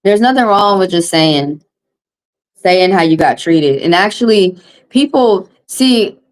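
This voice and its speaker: A woman's voice: on the low side, lively intonation, slow, low-quality recording. Blunt Southern woman venting on livestream. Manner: blunt, heated, repeats points. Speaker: tarot reader hosting a livestream. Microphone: phone.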